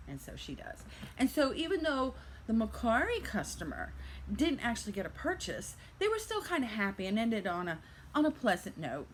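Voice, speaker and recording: Animated woman telling a playful fairytale. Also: a little high, normal speed, a little hiss or hum. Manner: playful, animated storyteller speaking of herself in third person. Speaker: reseller vlogger. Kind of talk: storytelling vlog, fairytale-style narration.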